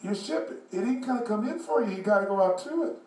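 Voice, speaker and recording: A sly, folksy old man around seventy, put on by a man telling a story, pitched way up with a drawling, teasing voice. The sound is echoey and caught from well back in the room. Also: expressive, fast talker, darkish tone. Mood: knowing. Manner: high, drawling, folksy speech. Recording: echoey room, far from mic.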